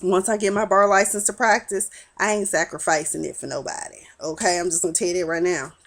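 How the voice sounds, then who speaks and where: A woman's voice: on the low side, steady tone, quick pace. Sassy young woman recapping a TV episode. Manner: sassy, talks back to the characters, acts out their lines. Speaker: TV episode reviewer. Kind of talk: casual TV recap vlog.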